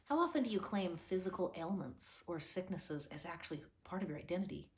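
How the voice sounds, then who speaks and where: A woman with a fairly low voice gives a motivational talk straight to her viewers. She coaches in an earnest way and keeps asking rhetorical questions to push them to reflect. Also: animated, a little fast, hardly any pauses. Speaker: motivational host.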